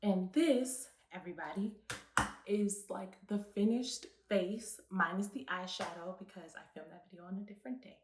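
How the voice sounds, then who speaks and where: A young woman co-hosting a casual review chat. She talks in an animated, chatty way and laughs easily. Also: medium pitch, moderate pace, slight background noise. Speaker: co-host and beauty segment presenter. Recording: echoey room.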